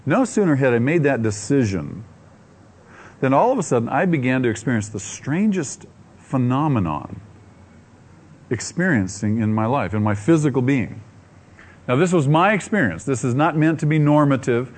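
Animated man preaching a personal testimony. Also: mid-range voice, normal speed. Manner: animated, acts out his own inner voices; laughs often while telling. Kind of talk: sermon testimony storytelling.

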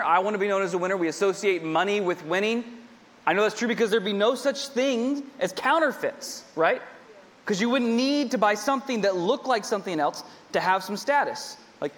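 A man's voice: sits high, a bit bright. A man preaching a sermon to a congregation in a conversational way, repeating his points and adding humorous asides. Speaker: pastor. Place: large church hall with a congregation. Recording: long hall reverb.

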